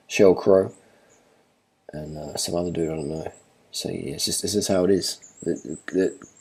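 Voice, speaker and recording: A deep, dark, husky-voiced man talks over cycling footage. He is blunt and swears freely, and he hammers each point home by saying it again and again. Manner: blunt, profane, repeats himself for emphasis. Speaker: cycling vlogger. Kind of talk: casual commentary over race footage.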